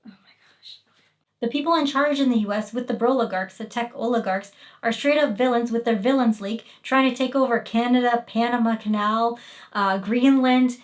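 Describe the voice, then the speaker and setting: A woman's voice: on the high side, a little fast. A woman originally from Iraq, hosting a comedic political commentary with emphatic, indignant delivery. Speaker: host.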